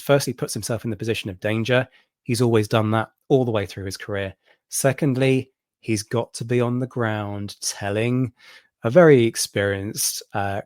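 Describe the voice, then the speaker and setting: A man's voice: lowish voice, no echo, clean studio sound. A man hosting a history livestream, explaining a battle in detail with frequent ums and restarts. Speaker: history channel host.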